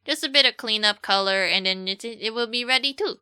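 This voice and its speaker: A woman's voice: fairly high pitch, fairly quick, bright, forceful tone, clean tone. A young woman streamer chatting casually while she draws, rambling with self-mocking asides, over faint background music. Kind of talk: casual livestream chat while drawing.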